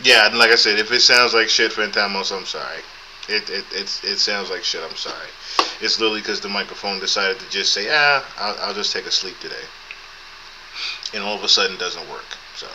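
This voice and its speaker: He's a man in his thirties with a thin voice, hosting a live podcast in an easygoing, foul-mouthed style punctuated by frequent chuckles. His pitch is on the low side, his intonation fairly even, and his pace a little fast. The camera's built-in mic picks up background noise.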